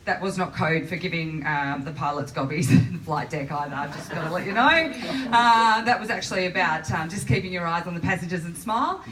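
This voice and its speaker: A woman's voice: lowish voice, brisk, few pauses, fairly bright tone, slight background noise. Chatty woman emceeing stand-up. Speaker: stand-up comedian and MC. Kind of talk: stand-up comedy set. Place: live comedy venue. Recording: distant mic in a live room.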